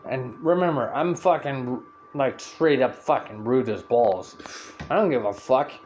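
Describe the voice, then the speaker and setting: A man hosting a podcast, telling a story in a loud, profane, animated rant and acting out what people said. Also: mid-range voice, measured pace, muffled recording, a little hiss or hum. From Canada. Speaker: podcast host.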